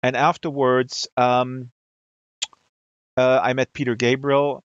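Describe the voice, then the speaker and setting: A German man hosts a livestream, telling his chat a long, rambling story full of fillers and restarts. His voice is medium-pitched, level and clean, and he speaks slowly. The recording is dry and lo-fi.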